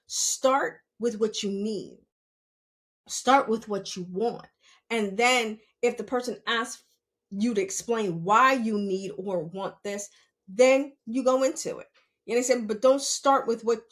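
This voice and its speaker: A middle-aged woman hosting a podcast, giving blunt, profane advice in a casual monologue, laughing often and asking rhetorical questions. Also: a little high. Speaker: podcast host.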